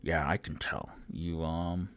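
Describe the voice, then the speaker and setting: A man's voice: low voice, fairly even intonation, slow pace, a bit bright, clear, resonant tone, heavily acted. A man voicing a boisterous seven-foot half-orc woman warrior who talks in a brash, chatty way.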